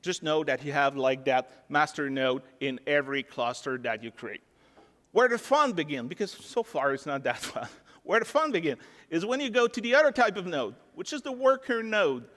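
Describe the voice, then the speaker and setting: A conference speaker with a French accent leads the audience through a live technical demo, chatty and relaxed, with plenty of casual fillers. His slightly high voice is expressive, fairly bright and moderately paced. The long reverb of a large ballroom surrounds the sound.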